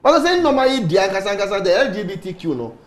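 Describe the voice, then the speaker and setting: Animated high-voiced Ghanaian man. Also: rapid-fire, roomy sound. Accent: Ghanaian English. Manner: animated, mixes English with Twi phrases. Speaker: studio guest. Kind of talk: morning show panel discussion.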